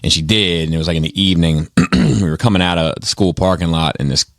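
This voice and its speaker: A man co-hosting a podcast, telling profane, animated stories in casual chat with lots of laughter. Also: low-pitched, fast talker, no echo, studio quality. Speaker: podcast co-host.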